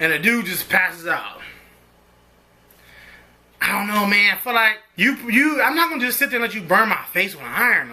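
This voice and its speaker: A man's voice: on the high side, pushed and bright. A young man giving a casual, rambling spoken review of a TV episode in a slangy, conversational way.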